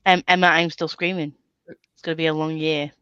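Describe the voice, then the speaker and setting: A woman hosting a casual bookish group video call, chatty and quick to laugh. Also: deep voice, level tone, bright, forceful tone, clean tone, no room sound, dull audio. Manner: chatty, laughs often, reads comments aloud. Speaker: booktube host.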